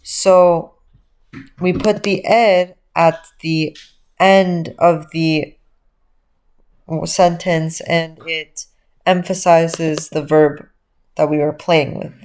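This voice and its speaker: A woman teaching a casual grammar lesson, explaining step by step and slowing down to spell out example phrases. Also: deep voice, steady tone, a little mellow. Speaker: language teacher.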